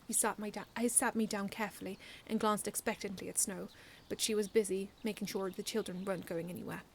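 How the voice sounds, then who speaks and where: A woman's voice: medium pitch, fast, slight background noise. Woman earnestly reading her own story. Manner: earnest, expressive reading with frequent restarts. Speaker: fan fiction author reading aloud. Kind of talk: first-person story reading.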